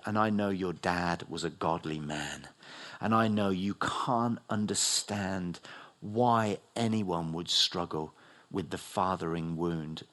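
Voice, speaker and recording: A middle-aged New man preaching a sermon as pastor, rising loud and high for emphasis and dropping low and soft. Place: church hall.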